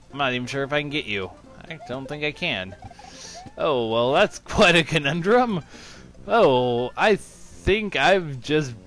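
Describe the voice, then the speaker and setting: Slow, sarcastic game commentator man. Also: fairly high pitch, a bit bright. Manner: mock-enthusiastic, sarcastic. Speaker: let's-play commentator.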